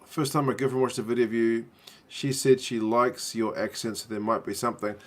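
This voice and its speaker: A man's voice: medium pitch, steady tone, a little fast. A man with a New Zealand accent, chatting casually on a live stream as he watches a rugby match and answers viewers. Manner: chatty, reads viewer comments aloud, says bro.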